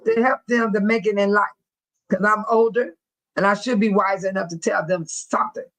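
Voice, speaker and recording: A woman's voice: mid-range voice, fairly bright tone, poor audio. A woman in her sixties hosting a livestream in casual chat, talking bluntly and telling stories with frequent laughs. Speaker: livestream host speaking to viewers.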